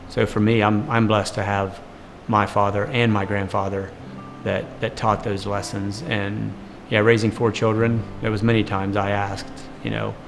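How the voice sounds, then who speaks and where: A middle-aged father speaking reflectively and haltingly about lessons from his father and grandfather. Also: on the low side, flat delivery, gravelly. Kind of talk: interview. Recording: long reverb, as if in a hall. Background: music.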